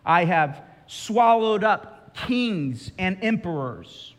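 A man doing a slow, grave, mighty lion. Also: sits high, lively intonation, fairly bright tone, voice pushed up, heavily acted. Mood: solemn. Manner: slow, grave, matter-of-fact. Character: huge solemn male lion, calm and unyielding. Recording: reverberant hall.

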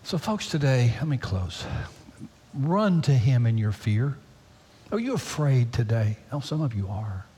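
A man preaching a sermon as pastor, swinging from loud, high pleading to hushed near-whispers. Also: sing-song, measured pace, husky. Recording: long hall reverb.

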